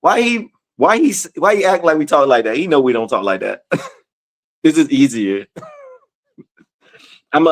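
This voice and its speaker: A man with a high voice teaches scripture in a relaxed, conversational way. His pitch swings widely as he reads verses aloud and talks straight to his listeners. He takes his time, with an unhurried pace. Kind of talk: casual Bible study teaching.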